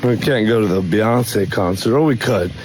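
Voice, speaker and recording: A man filming a hype-filled vlog as a fitness influencer, pumped up and jumping around in pitch. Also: normal speed, darkish tone, a little hiss or hum. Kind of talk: hype self-filmed vlog.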